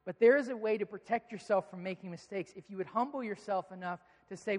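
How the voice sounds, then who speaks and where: A man's voice: sits high, fast talker. A man in his thirties preaching a sermon, telling stories conversationally and rising into emphatic pleas. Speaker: pastor. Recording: long hall reverb.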